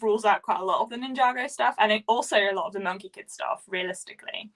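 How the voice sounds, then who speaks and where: Dutch-accented woman hosting a casual live stream on her phone, mid-pitched and talkative. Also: fast talker, a bit bright. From Netherlands. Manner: chatty, laughs often, many fillers. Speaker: LEGO streamer host.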